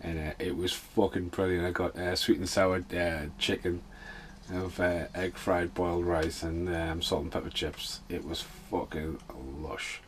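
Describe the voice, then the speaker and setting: A man's voice: deep voice, level tone, unhurried, a little hiss or hum. A man casually chatting and swearing his way through a film commentary for his podcast. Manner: swears a lot, chatty and offhand.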